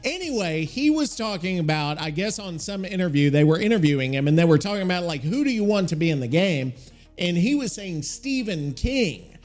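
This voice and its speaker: Rambling, swearing podcast host, fairly high voice. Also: male voice, sing-song, brisk, darkish tone, soft background music. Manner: rambling, profane, thinks aloud while looking things up. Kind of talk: casual solo podcast chat.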